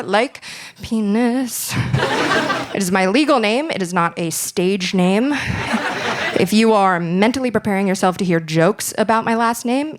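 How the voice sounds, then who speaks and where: A young woman performing a stand-up set on a club stage, dry and deadpan with bursts of laughter. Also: mid-range voice. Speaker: stand-up comedian.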